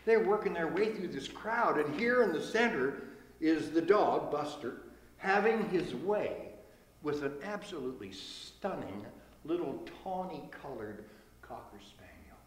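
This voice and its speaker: An older man telling jokes to a small group of friends, relaxed, acting out the characters in quick quotes. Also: fairly high pitch. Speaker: joke teller. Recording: echoey reverberant room, light noise.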